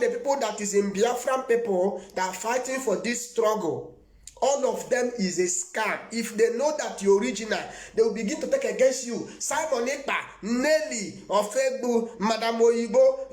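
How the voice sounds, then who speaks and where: Nigerian man, prophet, live-streamed preaching, emphatic and rambling, laughs a lot, high voice, echoey room. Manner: rambling and emphatic, laughing often, answering viewers by name.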